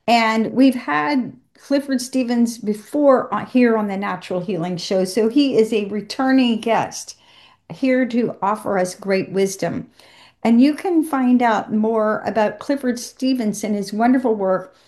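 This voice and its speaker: A woman hosting a health radio show, giving a brisk, upbeat introduction and then interviewing a guest. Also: on the high side, a little mellow.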